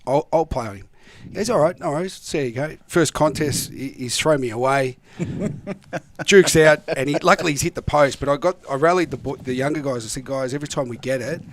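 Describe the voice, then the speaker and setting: A man's voice: medium pitch, fairly quick, slight background noise. A man with an Australian accent, a former footballer telling stories as a guest in a casual chat, acting out what people said. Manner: animated yarn-spinning, acts out quotes. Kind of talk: casual storytelling.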